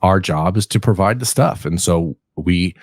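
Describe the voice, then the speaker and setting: Man, podcast host, low voice, tired, rambling, jokey, dry recording. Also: moderate pace, darkish tone, dry recording. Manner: rambling, self-correcting, jokey. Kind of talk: casual sports talk.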